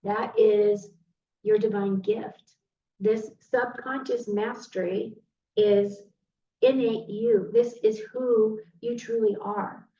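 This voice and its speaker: Her voice sits on the high side yet has a dark tone, and she speaks slowly and steadily while giving a tarot reading to the viewer. She is earnest and readily moved. The audio is distant and roomy, dull, with faint noise.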